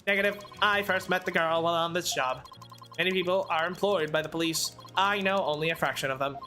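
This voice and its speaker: A woman voicing a male bomb disposal expert who talks in a flat, clipped, robot-like monotone. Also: on the low side, brisk, soft background music. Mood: deadpan. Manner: clipped, terse, mechanical phrasing. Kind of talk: reading game dialogue aloud.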